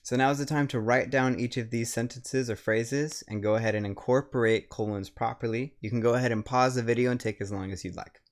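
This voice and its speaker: This man's medium-pitched voice stays steady in tone as he presents a recorded grammar lecture for a writing center. He goes step by step, easing his pace to read out example sentences.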